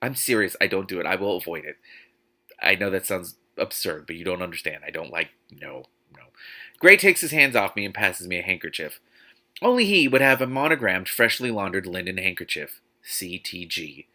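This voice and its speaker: Brief: male host, book reading with snarky asides, lowish voice, bright tone. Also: animated, normal speed. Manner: exasperated, sarcastic asides.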